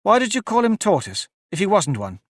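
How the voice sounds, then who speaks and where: A man lifts his voice into a polite, curious storybook girl, prim and a touch indignant. The voice sits well above his narration, with lively pitch swings. It is dry and close. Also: fairly quick, no echo, heavily acted. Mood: earnest. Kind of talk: audiobook character voice.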